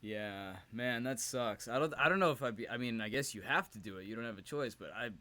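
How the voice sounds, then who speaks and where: A man's voice: mid-range voice, fairly quick, bright, forceful tone. A man co-hosting a podcast in loose, profane casual chat, laughing often between jokes. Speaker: podcast co-host; teacher.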